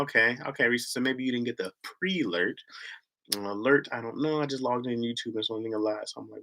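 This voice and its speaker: A man with a Michigan accent hosts a casual livestream chat, rambling in slang and breaking into laughs. His voice sits at an ordinary pitch but swings widely, with a sharp, forceful brightness. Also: expressive, fairly quick. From Lansing, Michigan, US. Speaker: livestream host.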